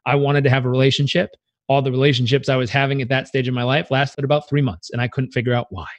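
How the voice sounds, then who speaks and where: An earnest man shares stories and lessons on a podcast at a medium pitch. He sometimes jumps higher in pitch to act out voices in his head. The sound is dry and close to the mic. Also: level tone, fast, no room sound. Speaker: podcast guest. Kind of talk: reflective conversational storytelling.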